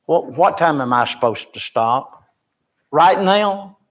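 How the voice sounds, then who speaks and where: A man's voice: fairly high pitch, expressive, takes it slowly. An older man, a missionary, giving an informal and rambling report to a church Bible class with folksy, self-deprecating humor.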